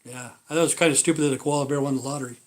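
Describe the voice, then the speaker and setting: A man's voice: medium pitch, steady tone, very fast. Rambling, swearing man on a livestream. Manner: rambling and profane, many fillers. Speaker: livestream host. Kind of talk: casual livestream chat.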